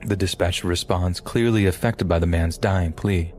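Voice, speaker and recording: A man narrating a true scary story in a grave, measured way. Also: low-pitched, darkish tone. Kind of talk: scripted horror story narration. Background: faint music.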